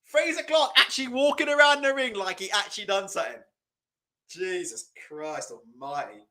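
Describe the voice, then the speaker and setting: A man's voice: high voice, normal speed, pushed and bright. A man hosting a live boxing watch-along, commentating in a casual, mocking, profane way. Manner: mocking, laughing, loose and profane.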